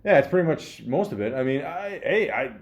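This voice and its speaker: A man's voice: fairly high pitch, very animated, fairly quick, muffled recording. A man hosting a comedic podcast, reading out trivia and breaking into rambling, profane asides full of fillers. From Canada. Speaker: podcast host.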